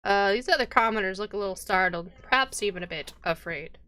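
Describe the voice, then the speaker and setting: A woman's voice: mid-range voice, brisk, bright, forceful tone. Chatty woman game master. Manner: casual, chatty, with many fillers. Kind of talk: narrating a tabletop game.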